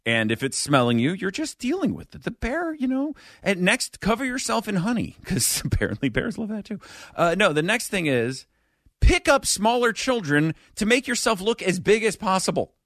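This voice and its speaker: A man hosting a comedy podcast, telling stories with sardonic, animated delivery. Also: high voice, normal speed, no echo, studio quality. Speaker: podcast host.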